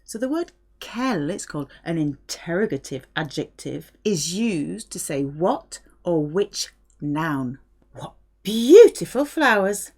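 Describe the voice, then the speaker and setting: A middle-aged woman from France giving a language lesson, patiently explaining and modelling phrases clearly. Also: low-pitched, lively intonation, a little slow, a little mellow. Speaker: French teacher.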